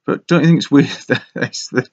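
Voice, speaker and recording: A man's voice: mid-range voice, brisk, a little mellow. A man talking in a rambling, casual monologue, wry and self-mocking as he meanders from thought to thought, on a dull lo-fi recording. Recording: dull lo-fi sound.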